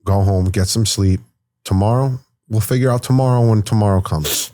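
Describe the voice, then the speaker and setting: Deep-voiced male podcast host, laid-back. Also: normal speed, warm tone. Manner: laid-back, says "bro", shares his own experience. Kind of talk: casual conversation.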